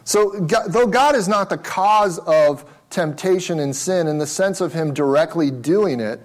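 A man's voice: fairly high pitch, a little slow, hardly any pauses. A male pastor preaching a sermon with emphasis, asking questions and repeating words as he restarts.

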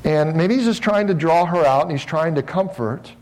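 A middle-aged male pastor delivers a sermon to a congregation in a church sanctuary. He speaks earnestly and pokes fun at himself, calling out directly to the listeners. His voice climbs higher and louder on his exhortations and then settles low and quiet when he reflects. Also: moderate pace, rough recording. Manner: earnest, self-deprecating, calls out to the congregation.

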